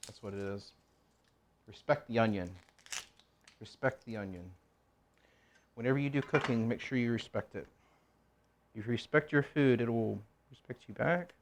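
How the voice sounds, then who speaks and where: A man's voice: medium pitch, moderate pace, pauses often, a little hiss or hum. Rambling joking man cooking. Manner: rambling, joking, talks to himself while chopping. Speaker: cooking channel host. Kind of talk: casual cooking vlog chat.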